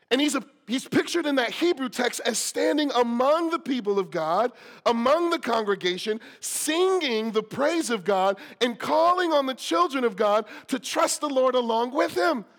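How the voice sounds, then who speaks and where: A man preaching a sermon with rising passion, repeating key lines with slow emphasis, and closing in a hushed, quiet prayer. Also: very high voice. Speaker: pastor.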